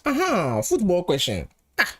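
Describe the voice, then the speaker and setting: A man's voice: high-pitched, huge pitch swings, a little slow, fairly bright tone, breathy edge. A man with a Nigerian accent talks his viewers through a live football match. His delivery is loose and chatty, and he often repeats a phrase two or three times. He slips between pidgin and English as he goes. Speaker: football channel host. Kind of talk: live match watchalong chat.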